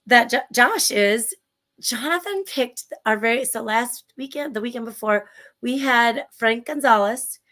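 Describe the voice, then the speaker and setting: A woman with a Minnesotan accent talks in a fairly high voice, rambling warmly with lots of restarts. She co-hosts a casual livestream from a video call. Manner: chatty and enthusiastic, rambling with restarts. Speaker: show co-host.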